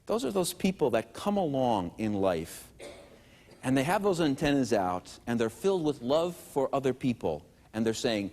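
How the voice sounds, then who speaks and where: A man giving a teaching lecture, emphatic and slowing down to stress his key points. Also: medium pitch, big pitch swings, darkish tone. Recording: long hall reverb.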